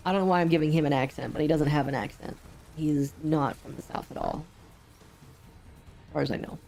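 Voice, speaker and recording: A woman with a low-pitched voice talks over a game she is streaming. She rambles with plenty of ums, and she sounds unwell and drained of energy. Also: brisk, gravelly, a little mellow, soft background music. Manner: rambling, frequent laughs and ums. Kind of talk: casual gameplay commentary.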